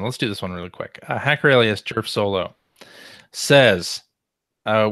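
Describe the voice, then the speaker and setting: A man in his forties hosting a podcast, relaxed and chatty as he reads listener questions aloud. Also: mid-range voice, dry recording, clean studio sound. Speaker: podcast host. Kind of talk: casual podcast chat.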